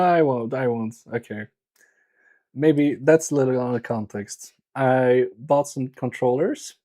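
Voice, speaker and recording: In a warm, medium-pitched voice, an electronics repair streamer chats casually while he works. He jokes, pokes fun at himself, and mutters through the repair.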